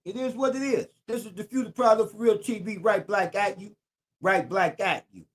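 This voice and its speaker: An older male YouTube host preaches in AAVE at a normal speed, his voice sitting high. The streetwise commentary monologue comes across as preachy, emphatic, and repetitive.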